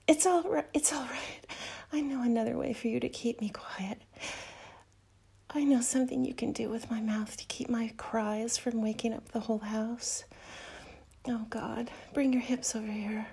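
A woman speaking in a whispered role-play, breathing her words softly and intimately between quiet murmurs. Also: on the high side, steady tone, moderate pace, vocal fry, husky.

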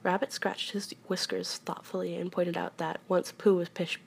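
A woman reading a children's storybook aloud in a soft, hushed voice that often drops to a whisper. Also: on the low side, flat delivery, moderate pace, vocal fry, husky.

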